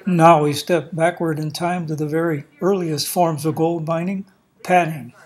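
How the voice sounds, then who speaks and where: A man giving calm, matter-of-fact scripted narration for a travel video. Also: fairly high pitch, moderate pace.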